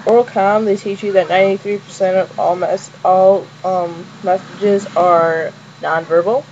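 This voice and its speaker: Young woman vlogger, excitable rambling fan review, muffled lo-fi mic with light hiss. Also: mid-range voice, a little slow. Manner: rambling, excited, many fillers and restarts. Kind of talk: casual episode review. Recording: dull lo-fi webcam audio with faint noise.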